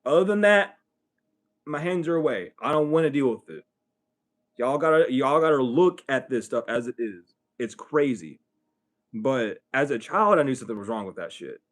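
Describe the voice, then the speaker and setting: A young man hosts a late-night livestream in a loose, unscripted monologue. He talks bluntly and swears freely, and his voice sits at an ordinary middle pitch. He often climbs into loud, heated bursts. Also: lively intonation, moderate pace. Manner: blunt, profane, rising to heated outbursts. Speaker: livestream host.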